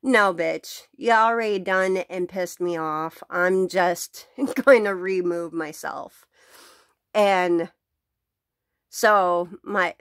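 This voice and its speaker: A woman's voice: on the low side, fairly bright tone, dry recording, clean studio sound. A woman venting bluntly to camera about her day, swearing freely and laughing between sentences, recorded at home. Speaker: vlogger. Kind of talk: casual venting rant to camera.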